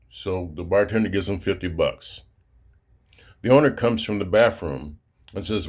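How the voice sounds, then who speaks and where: A man's voice: sits low, moderate pace, a little mellow. A man hosting his own channel, telling a joke in a casual, laid-back way with filler words. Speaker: writer and channel host.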